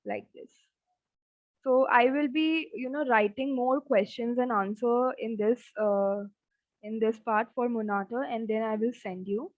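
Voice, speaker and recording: A woman teaching a German lesson, speaking slowly and repeating each word several times. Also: a little high, fairly even intonation, no echo. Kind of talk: online language lesson. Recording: dull, dry lo-fi sound.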